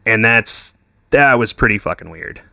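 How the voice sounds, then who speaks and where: A man's voice: lowish voice, animated, normal speed, vocal fry, bright, forceful tone, no room sound, studio quality. A young man, chatting casually as a podcast guest, full of swearing, "like" and "dude". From Texas. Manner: swears constantly, says "like" and "dude" a lot. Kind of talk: casual chat.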